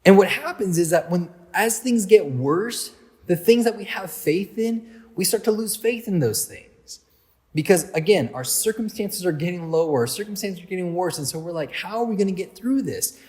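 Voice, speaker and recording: A man's voice: high-pitched, lively intonation, normal speed, darkish tone. A man speaking as a youth pastor, giving a sermon to a youth group in a chatty storytelling way, with lots of fillers. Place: church hall. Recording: long hall reverb.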